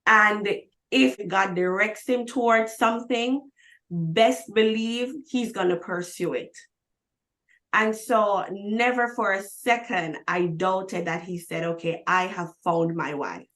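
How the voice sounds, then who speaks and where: A woman hosting a faith talk show, who speaks in a slow, affirming way and gives short responses. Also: medium pitch, fairly bright tone. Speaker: host.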